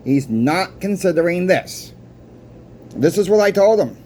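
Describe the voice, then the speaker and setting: A man's voice: sits high, animated, measured pace, a little mellow, slight background noise. A man who runs a coin shop, telling a story casually to camera and often stammering and restarting his words. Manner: stammers and restarts words while recounting a conversation.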